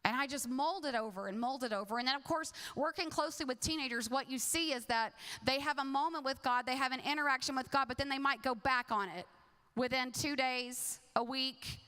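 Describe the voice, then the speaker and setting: A woman pastor preaches with a high, bright, lively voice. She talks conversationally and jokes, slipping into other voices for quotes. A long reverb from the hall trails her words. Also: a little fast, clear, resonant tone. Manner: conversational, humorous, acts out quotes. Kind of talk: sermon.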